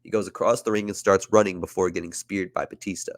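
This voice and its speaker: A man's voice: sits low, fairly even intonation, quick pace, dry recording. A man hosting a podcast, casually narrating wrestling storylines he booked. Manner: casual, chatty with fillers. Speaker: podcast host.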